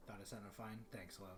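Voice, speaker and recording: A man with a deep voice chatting casually on a livestream, rambling and often clearing his throat. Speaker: streamer. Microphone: desktop microphone.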